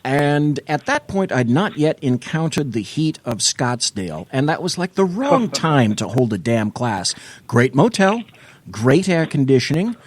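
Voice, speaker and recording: A man's voice: medium pitch, big pitch swings, a little slow. A man hosting a late-night call-in talk show, joking and bantering with salty asides.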